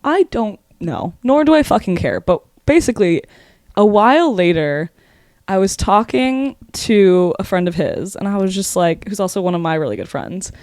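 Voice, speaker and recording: A woman's voice: mid-range voice, no echo, clean studio sound. A young woman in her twenties, co-hosting a podcast, telling a wild story in casual chat with lots of "like" and swearing. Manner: fast, animated, swears a lot, says "like" often. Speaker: podcast co-host.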